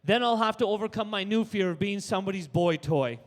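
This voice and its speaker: Canadian man doing stand-up, high voice, punchy delivery, live club with long reverb. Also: a little fast. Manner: punchy, tags jokes with "right?". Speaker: stand-up comedian. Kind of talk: stand-up set. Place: live comedy stage.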